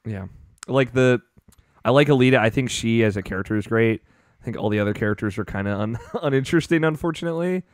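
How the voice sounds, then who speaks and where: A man hosting a podcast, chatting in a relaxed, agreeable way about a movie. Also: medium pitch, quick pace, dry recording, studio quality. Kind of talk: casual chat.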